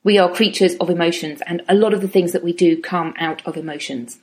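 A middle-aged woman giving a calm, reflective self-help talk and slowing down on key words. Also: fairly low pitch.

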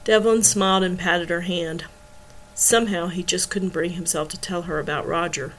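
Brief: woman audiobook reader, mid-pitched, steady narration, faint background hum. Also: normal speed, low-quality recording. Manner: steady storytelling. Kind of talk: novel narration.

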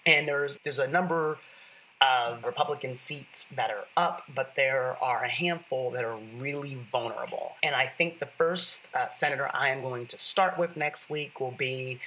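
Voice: mid-range voice, moderate pace, pushed and bright, low-quality recording. A podcast host talking earnestly and casually through a solo political podcast, chatty and a little self-deprecating.

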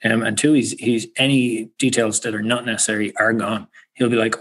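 Irish guy on a podcast, talks super fast, kinda husky lowish voice, laughs a lot. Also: poor audio. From Ireland. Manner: quick, chatty storyteller who laughs often. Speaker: guest author. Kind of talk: casual podcast conversation.

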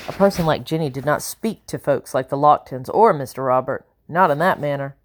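A woman reading a first-person audiobook in a measured, earnest storytelling manner. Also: sits low, a little hiss or hum. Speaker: audiobook narrator.

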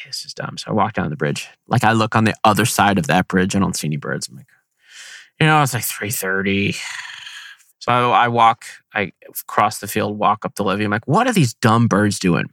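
A man casually telling a hunting story on a podcast, animated and slangy, acting out his own thoughts. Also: lowish voice, creaky, no room sound.

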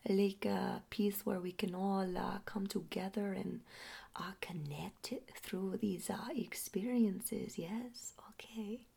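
A young adult woman speaking slowly and softly as a healing guide, often sinking into a breathy half-whisper. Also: medium pitch. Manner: slow, soft and drawn out, often dropping into a breathy half-whisper. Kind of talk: reflective spoken storytelling.

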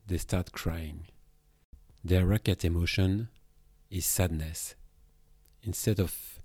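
A Belgian man with a French accent talks through a solo podcast as a therapist, thoughtful and a little halting. His voice sits low and mellow. The sound is close and dry, with no room around it. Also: no room sound. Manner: reflective, with hesitations and restarts. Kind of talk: podcast monologue on emotions.

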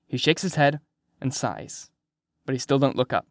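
A man narrating an audiobook in the first person, with steady storytelling and vivid emphasis. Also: medium pitch, moderate pace, long pauses, dry recording, clean studio sound.

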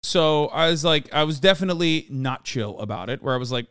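Young male podcast host, slightly high voice, dry close sound, animated storyteller who acts out quotes. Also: brisk, hardly any pauses, clean tone, no echo. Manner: animated storytelling, acting out quotes, frequent swearing. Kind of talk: casual storytelling chat.

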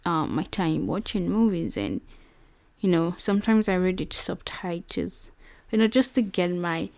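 A woman's voice: fairly low pitch, gravelly, a little mellow, dry recording. A young adult woman from Nigeria with a Nigerian English accent, hosting a reflective personal monologue in an earnest way, full of "you know" and "like". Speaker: podcast host.

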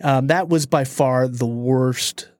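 A man co-hosting a podcast, telling a story in a lively, dramatic way. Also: medium pitch, dry recording, studio quality. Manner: animated storyteller, dramatic pauses. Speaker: podcast co-host. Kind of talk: casual storytelling chat.

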